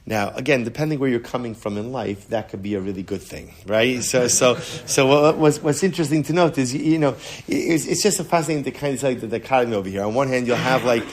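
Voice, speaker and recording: A man's voice: medium pitch, a little hiss or hum. A man, a rabbi, giving a casual Talmud lesson in a conversational way, often repeating words as he restarts a sentence and answering students. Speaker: rabbi teaching a Talmud class.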